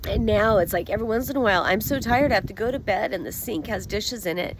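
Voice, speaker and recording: A woman's voice: mid-range voice, fast, background noise. A middle-aged woman talking earnestly to camera about her life, heartfelt and rambling, often restarting her sentences. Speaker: vlogger. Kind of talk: personal monologue to camera.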